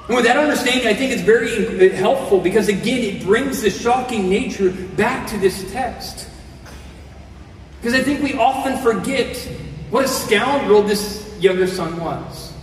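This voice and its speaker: High-voiced man preaching in an echoey hall. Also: a little hiss or hum. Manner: reads scripture then explains it earnestly. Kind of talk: sermon. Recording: echoey hall, voice from some distance.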